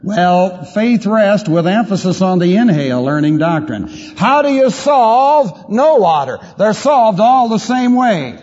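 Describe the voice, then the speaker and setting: A high-voiced man preaching with wide, swooping pitch and a slightly husky tone. He teaches from scripture with emphatic rhetorical questions. The recording is dull and lo-fi, with long reverb from a large hall. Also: very animated, measured pace, hardly any pauses, a little mellow. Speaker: pastor. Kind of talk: expository Bible teaching.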